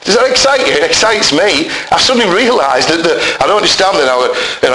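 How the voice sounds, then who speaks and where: A man preaching a sermon, hoarse from a bad chest, emphatic and animated, at times rising close to a shout. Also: on the high side, a little fast, few pauses. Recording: roomy echo, faint noise.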